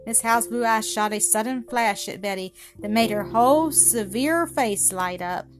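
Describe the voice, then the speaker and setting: A woman's voice: a little high, normal speed. Woman reading a story over music. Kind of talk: scripted narration. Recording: music playing behind the voice.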